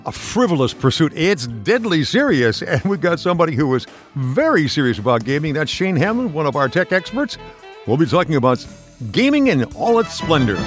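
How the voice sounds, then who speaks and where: Lively male talk radio co-host. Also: a little high. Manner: lively, upbeat announcer delivery. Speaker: co-host and producer. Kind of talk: radio talk show hosting.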